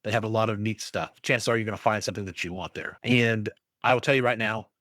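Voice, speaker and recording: A middle-aged man telling a story in casual chat, ranting in an animated way and acting out both sides of an argument with a shop clerk. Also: on the low side, fast talker, no echo, clean studio sound. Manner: frequent restarts and fillers when worked up. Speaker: podcast co-host.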